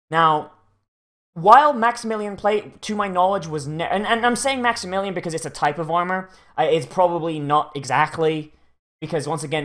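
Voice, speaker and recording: Male reaction host, slightly high voice, rambling and sweary, lots of restarts. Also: fairly bright tone. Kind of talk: casual profane commentary.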